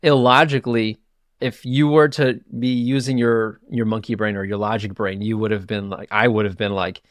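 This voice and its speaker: A man hosting his own podcast, telling a personal story in a casual, animated way, laughing at himself and stumbling over quick restarts. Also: lowish voice, no echo, studio quality. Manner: animated, self-mocking, quick bursts with stammered restarts. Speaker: podcast host.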